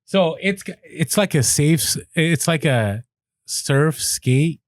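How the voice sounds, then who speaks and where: A man co-hosting a casual podcast, chatty and quick with asides, often restarting his sentences. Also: on the high side, lively intonation, no room sound, clean studio sound. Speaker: podcast co-host.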